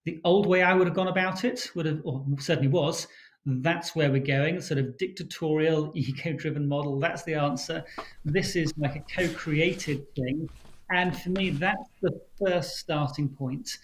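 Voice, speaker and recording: A man with a fairly high voice, speaking as a guest in a livestream interview. He tells his stories briskly and with animation. His voice sits a little above the usual male range. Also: steady tone, rough recording. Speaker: guest author.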